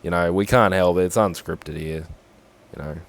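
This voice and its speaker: A man's voice: low-pitched, normal speed. A young Australian man with an Australian accent, rambling sarcastically and swearing as he talks through a form on a casual livestream.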